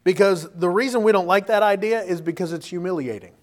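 A man's voice: high voice, a little fast. A man preaching a sermon, firing off rhetorical questions and reading scripture verses aloud. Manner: animated, rhetorical questions, reads King James verses aloud.

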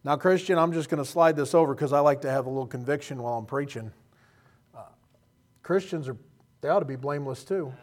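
Man, preaching a sermon, folksy and joking, somewhat high pitch. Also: fast. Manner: folksy, joking asides with quoted voices. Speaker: pastor.

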